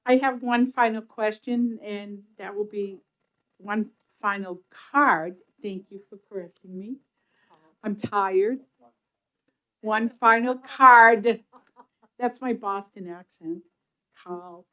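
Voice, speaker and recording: A woman's voice: medium pitch, takes it slowly, a bit bright, rough recording. Woman, committee chair, friendly, informal, joking, calls witnesses. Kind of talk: chairing a hearing.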